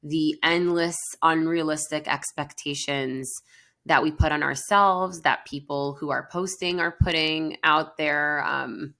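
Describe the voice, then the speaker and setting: Low-pitched female counselor, earnest casual podcast chat. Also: steady tone, unhurried, sharp tone. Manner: earnest, chatty, many fillers.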